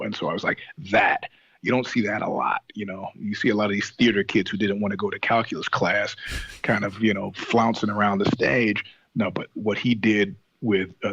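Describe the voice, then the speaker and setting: A low, gravelly man with a husky edge tells a long story in a casual, profane, digressive way. He acts out the other people in the story as he goes. The recording is dry and a little dull. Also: a bit bright, no echo. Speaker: podcast guest, singer.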